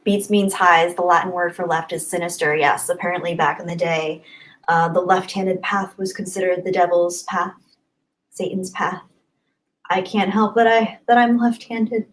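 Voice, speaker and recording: A woman hosting a casual livestream, chatty and upbeat, thanking viewers by name and often trailing off softly. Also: fairly low pitch, steady tone, moderate pace, poor audio. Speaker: livestream host. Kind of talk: casual live chat reading comments.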